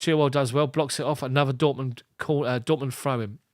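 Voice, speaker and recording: A man's voice: mid-range voice, fairly even intonation, a little fast, dry recording, studio quality. A man doing live ball-by-ball match commentary as a fan streamer, giving clipped play calls broken up by chatty asides.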